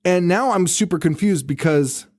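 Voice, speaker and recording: A man's voice: high voice, normal speed, no room sound, studio quality. Profane man recapping a movie. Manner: profane, animated, acts out quoted characters. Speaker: podcast co-host. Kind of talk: casual movie recap chat.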